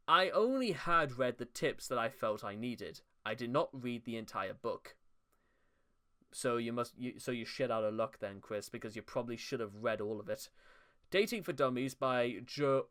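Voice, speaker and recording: A man's voice: mid-range voice, fairly bright tone. A young man hosting a commentary video, reading narration and breaking off into wry, sarcastic asides with frequent restarts. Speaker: commentary channel host.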